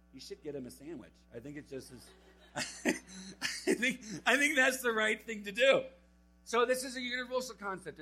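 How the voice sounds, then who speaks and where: A young man giving a camp sermon to teenagers, telling a Bible story with lively acted-out quotes. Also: medium pitch, a little hiss or hum, low-quality recording. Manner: animated storytelling, acting out quotes. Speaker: camp speaker. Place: camp meeting hall.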